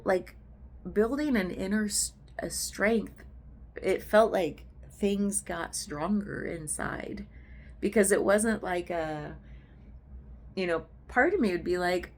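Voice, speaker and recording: A woman's voice: lowish voice, vocal fry, a little hiss or hum. A woman therapist talking through a personal reflection in a rambling, self-reflective monologue, often chuckling to herself.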